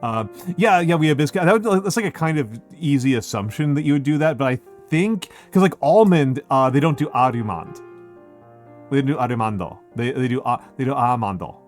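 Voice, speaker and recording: A man streaming and chatting casually with his viewers, greeting them slowly with many fillers and restarts. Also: on the high side, expressive, faint music behind.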